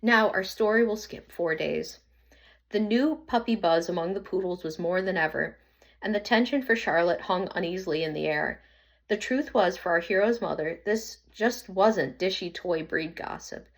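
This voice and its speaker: Woman reading a storybook, lowish voice. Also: normal speed. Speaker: narrator.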